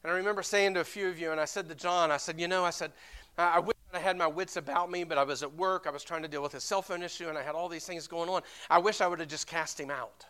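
A man preaching a sermon, his voice bright and pitched a little high. He swings between quiet storytelling and loud, emphatic peaks, and keeps asking the congregation for amens. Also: steady tone, fast talker, smooth. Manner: storytelling with repeated restarts. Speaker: pastor.

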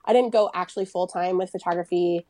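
A woman, a guest on a casual podcast, telling a personal story in an animated way, acting out what was said and laughing often. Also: on the low side, fast talker, dry recording. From United States. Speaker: guest, photographer and business owner.

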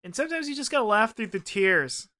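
A man's voice: high voice, sing-song, fast, bright, forceful tone. A young man co-hosting a podcast, rambling and joking in casual chat, swearing freely. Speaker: podcast co-host.

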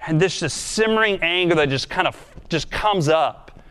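A man's voice: on the high side, animated, moderate pace, a bit bright, clear, resonant tone. A man preaching a sermon in a conversational, earnest and self-deprecating way, then leading a prayer. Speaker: pastor.

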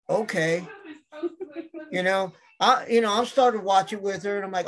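A man's voice: high-pitched, fairly quick, fairly bright tone. A man in casual chat, telling rambling stories and acting out what people said. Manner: rambling storyteller, acts out quotes. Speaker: podcast guest.

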